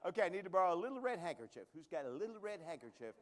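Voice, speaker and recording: A man's voice: high voice, big pitch swings. A man performing a live comedy magic act on a showroom stage, cracking jokes and chatting with the crowd as he does tricks. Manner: joking, quick asides to the crowd.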